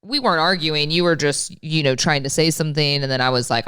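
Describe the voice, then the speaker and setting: A woman with a low, smooth, resonant voice co-hosts a podcast. She talks in a candid, exasperated way and swears freely. The recording is dry and close to the mic. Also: fairly even intonation, fairly quick, few pauses, a bit bright, no echo. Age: late 30s. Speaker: podcast co-host. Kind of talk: casual podcast chat.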